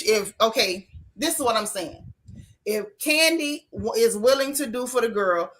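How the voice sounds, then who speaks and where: A woman hosts a casual live stream, chatting bluntly and animatedly as she reacts to viewer messages. Her voice sits fairly high and has a bright, forceful edge. She talks in a relaxed, colloquial way. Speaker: host of a reality TV recap channel.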